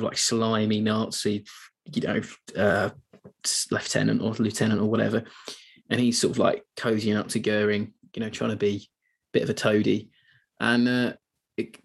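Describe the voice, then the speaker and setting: A man's voice: fairly low pitch, moderate pace, breathy edge. A man co-hosting a podcast, chatting loosely about a film with frequent restarts and asides. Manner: chatty, rambling with many restarts. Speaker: podcast co-host. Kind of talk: casual film discussion.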